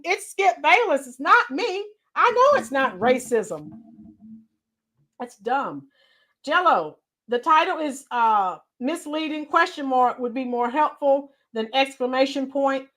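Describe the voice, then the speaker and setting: A woman's voice: sits high, fairly bright tone. A middle-aged woman hosting a casual live stream. She answers chat comments by name and gives blunt, opinionated commentary.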